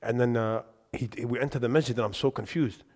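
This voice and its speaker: A man giving a religious lesson in a mosque, telling lively anecdotes with quick asides. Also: medium pitch. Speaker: religious teacher. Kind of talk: storytelling lesson to a congregation. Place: mosque hall. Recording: reverberant mosque hall.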